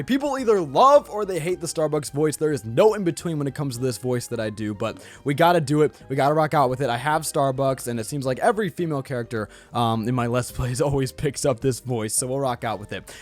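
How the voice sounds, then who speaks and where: A man hosting a let's play video, talking in an excitable, hyped way with casual swearing. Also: medium pitch. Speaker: gaming channel host.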